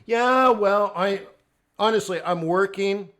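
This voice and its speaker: A man hosting a live trading stream, talking off the cuff and swinging between near-shouted rants and quiet asides. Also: high-pitched, slow pace. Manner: acts out traders' inner voices in quotes. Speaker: livestream host, forex trading coach.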